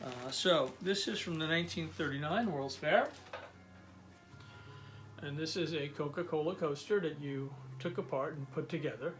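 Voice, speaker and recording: A man's voice: on the high side, normal speed, fairly bright tone, soft background music. A man, chatty and enthusiastic, showing his collection with many fillers in a casual vlog. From New York, USA. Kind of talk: casual show-and-tell vlog.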